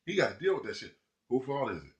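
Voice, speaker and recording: A man's voice: mid-range voice, very animated, quick pace, highs cut off. A man ranting in heated, profane commentary, talking to his viewers. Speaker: vlogger. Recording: echoey room.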